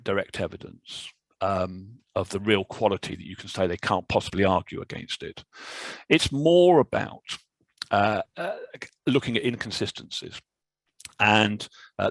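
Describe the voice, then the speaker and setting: Male barrister, low and gravelly, explaining steadily on a webinar call with plenty of "um"s. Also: a bit bright, dry recording, low-quality recording. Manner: measured, explanatory, with frequent fillers. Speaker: barrister presenting a legal webinar. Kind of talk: webinar presentation. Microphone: video call microphone.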